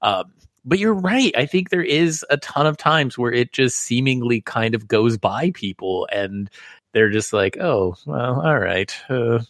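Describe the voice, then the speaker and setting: A man co-hosting a podcast, talking about films in animated bursts with many restarts. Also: medium pitch, a little slow, no echo, studio quality. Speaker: podcast co-host. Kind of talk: casual movie chat.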